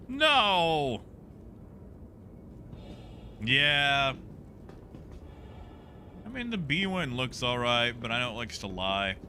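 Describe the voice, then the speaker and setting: A man's voice: medium pitch, pushed and bright, slight background noise. A man streaming a game and chatting casually with live viewers, joking and riffing on their messages from his home setup.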